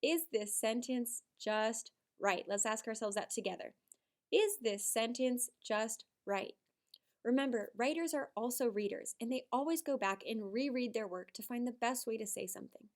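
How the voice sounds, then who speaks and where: A woman teaching first graders a writing lesson, animated and sing-song, with dramatic emphasis. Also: a little high. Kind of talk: video writing lesson for young children.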